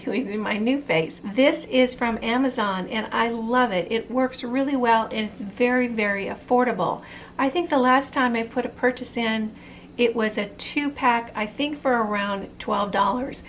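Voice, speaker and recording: A woman's voice: on the high side, a bit bright, slight background noise. Chatty woman in her fifties demoing skincare. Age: 50s. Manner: chatty, friendly how-to explaining. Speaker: beauty vlogger. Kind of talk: casual product demo.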